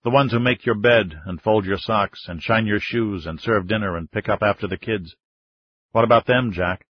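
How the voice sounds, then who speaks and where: A man voicing a quiet inner voice of conscience in an audiobook, reproachful and probing. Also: on the low side, normal speed, dry recording, close to an everyday voice. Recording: slightly dull lo-fi recording.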